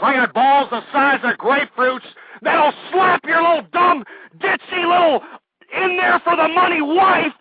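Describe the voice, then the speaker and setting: A man hosting a talk radio show, shouting and ranting angrily, repeating himself and cursing often. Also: very high-pitched, measured pace. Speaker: radio host. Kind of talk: angry talk radio rant. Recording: tinny lo-fi phone-like sound.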